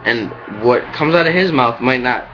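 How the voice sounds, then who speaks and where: A man's voice: medium pitch, moderate pace, pushed and bright, slight background noise. A young man who works as a cook, venting to his webcam in a rambling, frustrated way, full of "like" and "you know". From United States. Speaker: restaurant cook. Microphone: webcam mic. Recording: dull lo-fi webcam audio.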